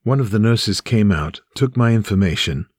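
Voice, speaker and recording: A man's voice: fairly low pitch, lively intonation, normal speed, darkish tone, husky, no room sound, studio quality. A man reading his own memoir aloud in a somber, earnest way. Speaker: narrator. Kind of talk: memoir narration.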